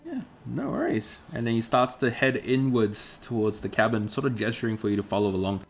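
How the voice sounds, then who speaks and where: A man running a tabletop game as game master, narrating in a casual, relaxed way. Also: on the low side, fairly quick, soft background music.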